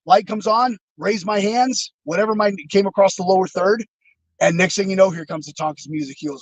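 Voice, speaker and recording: A man's voice: high voice, fairly quick, dry recording, rough recording. A man being interviewed over a video call, telling rambling, reflective stories with many fillers and restarts. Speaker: interview guest, former wrestler. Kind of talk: casual storytelling.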